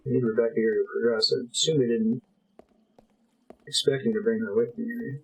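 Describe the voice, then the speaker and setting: Speaking at a brisk clip in a husky, medium-pitched voice with a steady tone, this young man plays a game on a live stream at home. He keeps up casual commentary for his chat and swears at the game occasionally, all on a low-quality recording.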